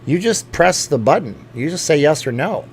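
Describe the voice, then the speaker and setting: A man with a slightly high voice and lively intonation hosts a casual live stream at normal speed. He reads viewer comments and rambles in a chatty way, full of fillers, restarts and self-corrections, with slight background noise.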